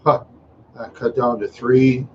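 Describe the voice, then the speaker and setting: A man's voice: medium pitch, level tone, slow pace, highs cut off, a little hiss or hum. A tired, yawning man hosting a casual livestream chat, rambling along with many fillers and trailing asides. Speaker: livestream host.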